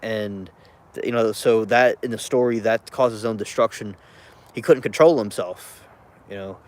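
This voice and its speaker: A man's voice: lowish voice, moderate pace. Rambling male vlogger. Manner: rambling, self-interrupting, chuckling asides. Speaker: vlogger reviewing a film. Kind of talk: casual rambling rant.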